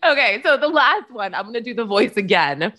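A woman's voice: fairly high pitch, sing-song, brisk, bright, forceful tone. A young woman co-hosting a podcast in casual chat, giggly and full of fillers. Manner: chatty, giggly, many fillers. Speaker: podcast co-host.

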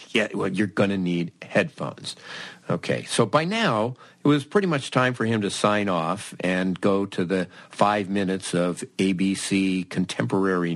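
A man's voice: low-pitched, no echo. A man hosting a podcast, telling a comic anecdote in a wry, self-mocking way and acting out both sides of the dialogue. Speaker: podcast host.

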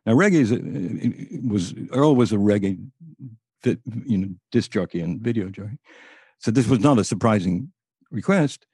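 Husky older man telling stories. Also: fairly low pitch, moderate pace, dry recording, clean studio sound. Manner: animated anecdotal storytelling. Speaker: guest storyteller. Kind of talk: podcast interview.

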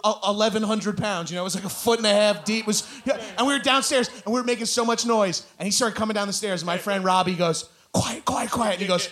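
A man chatting casually on a comedy podcast, telling animated stories with loud bursts of laughter. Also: high voice, quick pace, few pauses.

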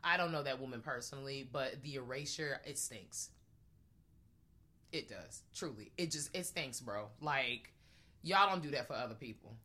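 A young adult woman co-hosting a casual movie review chat, animated and breaking into loud acted-out reactions. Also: extremely low pitch, normal speed. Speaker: podcast co-host.

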